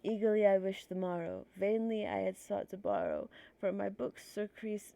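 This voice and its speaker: A woman's voice: medium pitch, fairly even intonation, moderate pace, gravelly, mellow, dry recording. A woman streamer with a stuffy nose reading poetry aloud on a livestream, nervous and self-conscious, apologizing for her slips.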